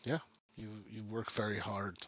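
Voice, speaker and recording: A man's voice: fairly low pitch, level tone, normal speed, a bit bright, dry recording, muffled recording. A man narrating as game master of a tabletop game, in a rambling, filler-heavy way.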